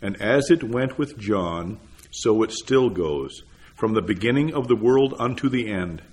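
Male reader for old sermon text, lowish voice, unhurried and deliberate. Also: lively intonation, darkish tone. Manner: measured, deliberate reading. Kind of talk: read-aloud sermon text.

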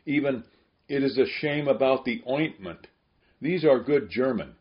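A man's voice: mid-range voice, dull audio. A man giving an audiobook reading of an old letter in an emphatic, rhetorical way, with scornful asides. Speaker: reader.

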